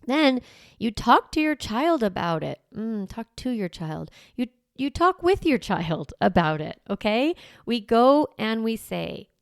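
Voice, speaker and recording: A woman's voice: fairly high pitch, big pitch swings, unhurried, vocal fry, no echo, clean studio sound. A woman hosting a parenting podcast, coaching listeners step by step in a direct way, often checking in with "okay?" and "right?". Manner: walks through step-by-step scripts. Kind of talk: instructional podcast monologue.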